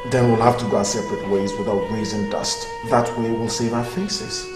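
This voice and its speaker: A man's voice: fairly low pitch, normal speed, echoey room, loud music behind the voice, close to an everyday voice, poor audio. An actor with a Nigerian accent playing a fiancé who soothes his upset partner and sets firm terms in a film scene. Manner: soothing, firm, repeats calming words. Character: fiancé, young man soothing a distraught partner. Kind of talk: Nollywood film acting.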